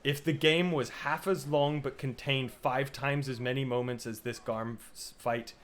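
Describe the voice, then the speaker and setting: A man's voice: medium pitch, moderate pace. A man co-hosting a casual game podcast, telling the story with energy, cursing freely and acting out the scenes. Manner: animated storyteller, swears, acts out scenes. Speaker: podcast co-host.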